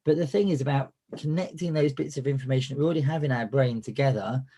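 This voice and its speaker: Quick-talking man with a cold. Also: mid-range voice, dark tone, slight background noise. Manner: chatty, with frequent fillers and restarts. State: has a cold and a cough. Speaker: business coach hosting a webinar. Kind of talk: live webinar presentation.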